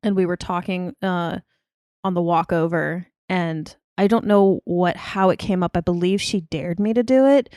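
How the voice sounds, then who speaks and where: A woman co-hosting a podcast, telling a story in casual chat with halting restarts. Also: lowish voice, steady tone, darkish tone, no echo, clean studio sound. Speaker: podcast co-host.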